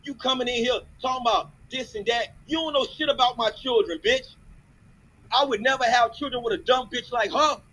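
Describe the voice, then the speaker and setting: A man furiously yelling profane insults in an online audio chat room, speaking into a phone. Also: extremely high pitch, fairly quick, rough recording. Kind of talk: heated argument.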